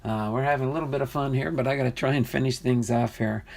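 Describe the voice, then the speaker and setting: A man's voice: mid-range voice, steady tone, quick pace, gravelly, a little mellow. A man casually hosting a live stream, chatty and easily amused as he reads viewer comments aloud. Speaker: livestream host opening trading card packs.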